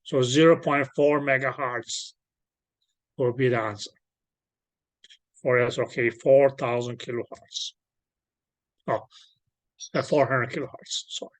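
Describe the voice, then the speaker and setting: A man's voice: mid-range voice, fairly even intonation, measured pace, pauses often, dry recording. Man teaching a class, dry recording. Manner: patient, checks understanding, frequent self-corrections. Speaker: lecturer. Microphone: video call.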